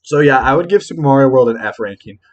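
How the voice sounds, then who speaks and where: A man's voice: mid-range voice, animated, fast, dull audio. A young man co-hosting a casual podcast, rambling through his thoughts with lots of filler words. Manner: rambling, heavy use of "like". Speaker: podcast co-host. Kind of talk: casual chat ranking games.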